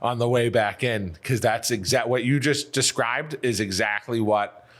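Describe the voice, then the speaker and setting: A man with a Northeastern US accent, a fishing captain, recounting trips in a relaxed, halting way on a podcast. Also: mid-range voice. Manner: relaxed, halting retelling with restarts. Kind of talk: casual podcast chat.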